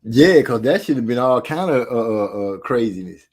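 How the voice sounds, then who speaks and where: A man telling a story in casual podcast chat, slangy and animated, often laughing between lines. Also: medium pitch, normal speed, slightly rough.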